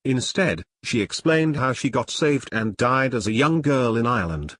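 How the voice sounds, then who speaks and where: A man narrating his own novel in the first person, reading at a measured pace. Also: mid-range voice, expressive, fairly bright tone. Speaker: author and narrator. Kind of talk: audiobook narration.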